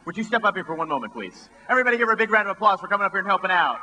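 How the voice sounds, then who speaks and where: A man's voice: high voice, very animated, racing, pushed and bright, slight background noise, poor audio. A man presenting a stunt on a stage before a live audience, with dry, sarcastic patter aimed at the crowd.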